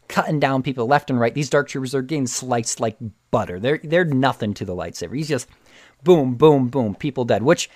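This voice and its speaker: A man casually retelling a TV episode with excitement, often restarting and repeating words. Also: mid-range voice, no room sound. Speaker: show recap host.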